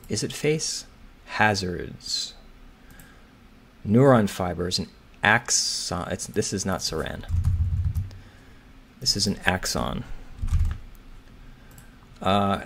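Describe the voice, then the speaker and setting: A man talks himself through a crossword puzzle at a slow, unhurried pace. His voice sits fairly low, and he hesitates and mutters while he tries out answers. A faint hiss of noise runs under the recording. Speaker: crossword solver. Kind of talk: thinking aloud while solving.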